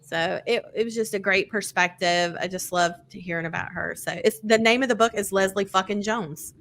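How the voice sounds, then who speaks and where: A woman hosting a podcast, casually reviewing books with lots of fillers, easy swearing and excited storytelling. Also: medium pitch, moderate pace, creaky. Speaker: podcast host. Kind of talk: casual book-review chat.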